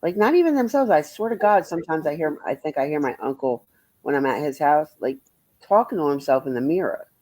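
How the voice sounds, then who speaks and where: A man's voice: a little high, a little fast, a little mellow, no echo, rough recording. A man chatting bluntly with viewers on a livestream, rambling and swearing freely. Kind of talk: casual livestream chat answering viewers.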